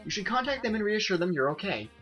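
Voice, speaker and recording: A composed woman in charge hands out orders in a flat, steady, businesslike tone, as a man reads her lines in his own voice. Her delivery is even and unhurried, with little color. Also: sits high, muffled recording, soft background music. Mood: matter-of-fact. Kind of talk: reading game dialogue aloud.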